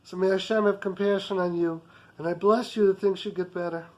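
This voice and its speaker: A man voicing a patient, forgiving older rabbi who speaks softly and calmly. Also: high-pitched, a little fast, close to an everyday voice. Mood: gentle. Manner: soft, calm, forgiving.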